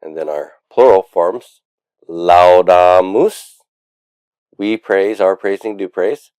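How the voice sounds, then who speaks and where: A man's voice: deep voice, measured pace, dark tone, no room sound. A man teaching a recorded Latin grammar lesson, explaining patiently step by step with frequent "uh"s and drilling forms aloud. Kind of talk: recorded lecture.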